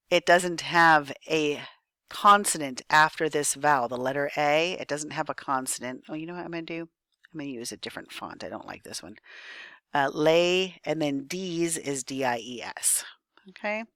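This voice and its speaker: A woman's voice: deep voice, fairly bright tone, no room sound, studio quality. A woman teacher giving a recorded spelling lesson, thinking aloud patiently and checking in with her students.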